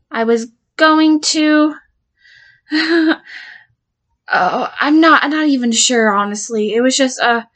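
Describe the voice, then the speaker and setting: A woman's voice: high-pitched, husky, full character voice. A woman playing a volatile patient who blackmails her therapist, stammering and swearing as she swings between threats and pleading in an audio drama monologue. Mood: rattled, confused.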